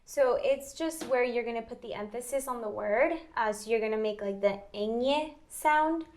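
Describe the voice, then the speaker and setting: A woman with a slightly high voice explains things patiently as a tutor. Her answers are short, and she affirms often with a soft mm-hmm. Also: moderate pace. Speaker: language tutor. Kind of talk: casual explanation.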